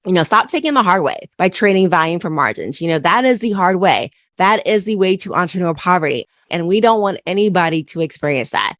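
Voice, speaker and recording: A woman's voice: on the low side, lively intonation, brisk, hardly any pauses, dry recording, clean studio sound. A woman accountant hosting a solo business podcast, coaching listeners and repeating key questions with frequent "right?" checks.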